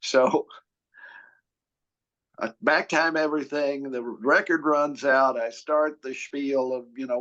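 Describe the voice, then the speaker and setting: An older man, a retired radio newscaster, hosting a podcast in a relaxed, conversational way. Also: mid-range voice, slow pace, long pauses. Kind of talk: casual chat. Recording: dull lo-fi sound.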